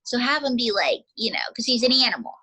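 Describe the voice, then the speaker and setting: Bright, slightly high woman coaching a beginner, chatty and demonstrative. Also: fast, rough recording. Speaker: ventriloquism teacher. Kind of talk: casual instruction.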